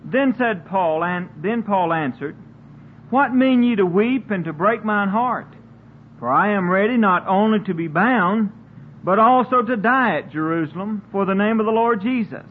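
A man preaching a sermon in an earnest way, often stumbling and repeating words as he searches for them. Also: high voice. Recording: dull lo-fi recording with faint hiss.

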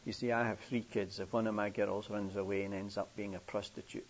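A man's voice: level tone, fairly quick. An older man from England preaching a storytelling sermon, acting out characters' voices inside his stories. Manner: acts out children's voices in a high pitch within stories. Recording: muffled, hissy old tape.

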